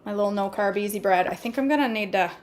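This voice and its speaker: A woman's voice: mid-range voice, fast talker, slight background noise. A woman hosting a casual cooking vlog from her home kitchen, chatty, folksy and joking. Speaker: vlog host.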